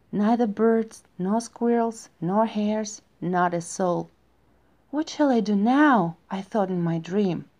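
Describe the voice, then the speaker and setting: A woman's voice: mid-range voice, mellow, close to an everyday voice. A woman voicing a lonely, tender young male hare who tells his dream in a wistful, dreamy way. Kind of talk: storybook reading.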